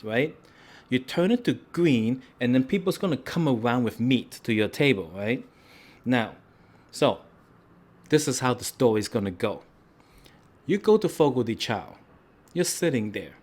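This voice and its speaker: A man's voice: medium pitch, a little mellow. A man hosting a food and travel vlog, joking and rambling in a casual way with lots of "right?". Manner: playful, rambling, tag questions like "right?".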